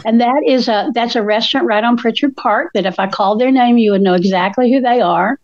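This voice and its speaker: An older woman tells stories in a casual chat and acts out every quote. Her voice sits on the higher side and is recorded dry and dull. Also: brisk, no echo. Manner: animated storyteller, acts out quotes. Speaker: co-host.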